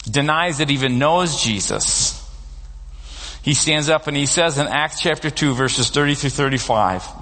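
A man's voice: on the high side, pushed and bright. Guy pastor preaching, kinda conversational, telling stories, lots of church echo. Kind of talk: sermon. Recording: long reverb of a large hall.

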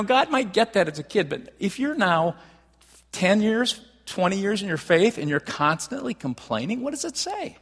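A pastor preaching to his church in a casual, conversational way, often restarting his sentences before building to animated emphasis. His voice sits a little high for a man and has a breathy, husky edge. The sound rings out with the long reverb of a large hall. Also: moderate pace. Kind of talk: sermon.

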